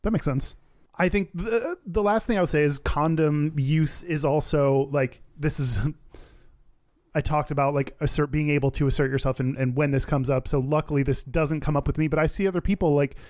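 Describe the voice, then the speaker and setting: A man with a somewhat high voice co-hosting a podcast in casual chat. He explains his points earnestly, recorded dry and close with little room sound. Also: moderate pace, a little mellow, dry recording. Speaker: podcast co-host.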